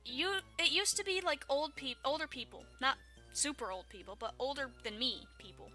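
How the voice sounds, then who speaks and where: At a moderate pace, the twenty-something YouTuber from Texas chats and rambles for her viewers with a Southern accent, laughing a lot and making fun of herself. Her high voice sounds pushed and bright over soft background music.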